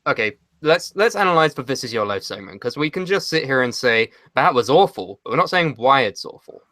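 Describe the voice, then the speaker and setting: A man co-hosting a casual livestream chat, telling stories in an animated, profane way. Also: mid-range voice, brisk, no room sound, studio quality. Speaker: podcast co-host.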